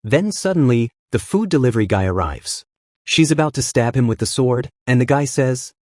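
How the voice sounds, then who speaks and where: A man's voice: mid-range voice, expressive, normal speed, darkish tone, no echo, studio quality. A man narrating a story recap in a casual, chatty way, tossing in asides about what he doesn't understand. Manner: chatty, admits confusion with asides.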